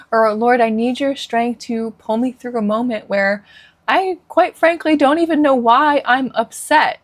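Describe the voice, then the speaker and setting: A woman who coaches Christian women gives an earnest, encouraging devotional teaching talk and asks her listeners questions. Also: on the high side.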